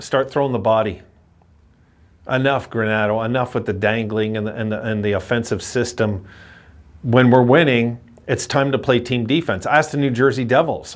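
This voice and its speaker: A man giving a frustrated postgame rant as a hockey fan commentator, repeating himself and cursing at his team. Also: mid-range voice. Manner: frustrated, ranting, repetitive.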